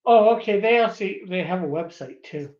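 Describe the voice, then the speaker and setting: A man with a high voice chats casually, stumbling and restarting his sentences and leaning on "you know." His sound comes through dull and lo-fi, like a remote caller's. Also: expressive, moderate pace. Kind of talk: casual chat.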